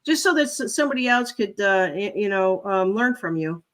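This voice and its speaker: A woman's voice: mid-range voice, lively intonation, a little fast, fairly bright tone. A woman chatting as a guest over a video call from her home, rambling and hesitant. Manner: rambling, hesitant, laughs easily. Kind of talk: casual interview chat.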